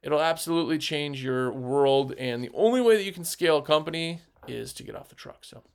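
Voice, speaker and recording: A gravelly, slightly high-pitched man talks in a fired-up podcast pep talk. He rambles with fillers and restarts, and he gets worked up as he pushes his listeners on. His delivery is that of a sales rep in casual, passionate chat. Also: fairly quick. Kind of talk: energetic motivational podcast talk.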